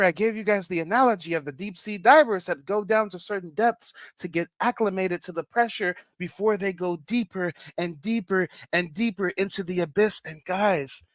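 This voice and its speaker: A man's voice: high-pitched, no echo. A man hosting a reaction commentary stream. He talks in a theatrical, teasing way and keeps calling out to his viewers. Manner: theatrical, teasing, repeats "guys" and "Mike".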